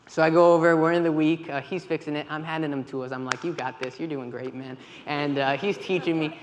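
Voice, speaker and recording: A man giving a church talk, telling lively stories with quoted dialogue. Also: a little high, fairly quick, few pauses, slight background noise. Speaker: volunteer leader with kids. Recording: long hall reverb, faint ambience.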